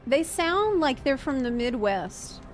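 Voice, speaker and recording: Excitable, high-voiced woman streamer. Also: slow, a little hiss or hum. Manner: excitable, chatty, swears casually, laughs often. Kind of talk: casual gameplay commentary.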